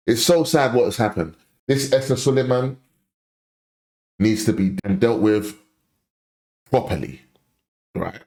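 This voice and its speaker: A man's voice: mid-range voice, lively intonation, measured pace, a little mellow. Blunt impassioned man ranting. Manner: blunt, impassioned, repeats points for emphasis. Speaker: commentary host. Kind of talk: opinion rant reacting to a clip.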